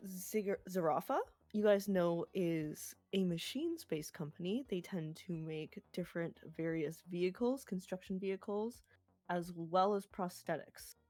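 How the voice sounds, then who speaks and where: A woman narrating a tabletop role-playing game as game master, explaining scenes and rules in a relaxed way. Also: on the low side, unhurried, no echo, soft background music.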